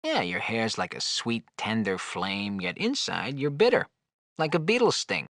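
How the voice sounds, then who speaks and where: A floating skull with a smart mouth and no shame. His gravelly voice leaps from low grumbles to high, mocking squeaks, and he flirts and needles without pause. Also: sing-song, a bit bright, no echo, studio quality, full character voice. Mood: wisecracking. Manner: teasing, flirtatious, sarcastic banter. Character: wisecracking, leering floating male skull. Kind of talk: video game dialogue.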